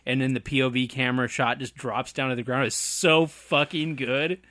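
Guy with a crisp bright voice walking through a movie scene, dry close sound. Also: mid-range voice, normal speed, no echo. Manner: laughs often, animated retelling. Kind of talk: casual movie chat.

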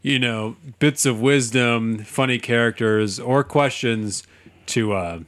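A man's voice: medium pitch, slow pace, fairly bright tone, no echo. Playful young male podcast co-host. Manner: playful, crude quips. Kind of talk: casual chat.

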